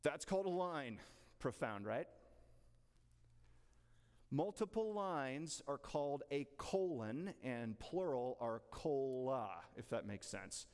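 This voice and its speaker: A man's voice: mid-range voice, expressive, takes it slowly, darkish tone. A man teaching a church Bible class in a casual, chatty way, asking the room questions. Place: church hall. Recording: long reverb in a church hall.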